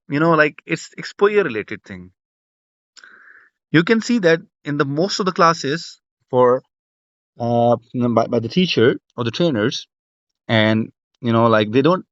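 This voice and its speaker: A man's voice: medium pitch, dry recording. A man teaching an online exam prep class, talking loosely and repeating himself with many restarts. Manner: repetitive, restarts a lot, lots of fillers. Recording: dull, dry lo-fi sound.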